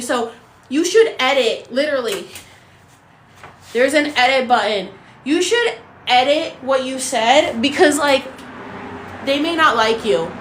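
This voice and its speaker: A woman hosting a casual livestream chat, ranting in an animated, profane, incredulous way. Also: sits high, normal speed, echoey room, slight background noise. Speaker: TikTok live host. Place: apartment in a city.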